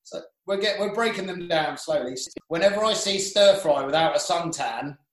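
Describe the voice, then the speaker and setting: A man's voice: on the high side, moderate pace, reverberant, slight background noise, poor audio. A man, a professional sailor, telling rambling anecdotes in casual chat, with frequent restarts.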